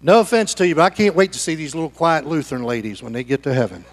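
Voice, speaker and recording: Preaching at a quick pace in his sanctuary, this high-voiced, middle-aged pastor alternates quiet, chatty asides with loud, fired-up shouting. He keeps spurring the congregation on throughout the sermon.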